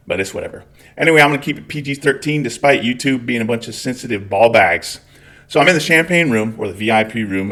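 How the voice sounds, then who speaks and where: A man's voice: on the low side, fairly bright tone. A middle-aged man with a Scottish accent, telling a long profane story with wry asides as a channel host. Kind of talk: storytelling monologue.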